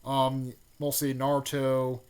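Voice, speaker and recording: A man with a clear, resonant mid-range voice takes it slowly as he casually recaps a fan-made story. He rambles with plenty of fillers and restarts, bursting with excitement on the action beats.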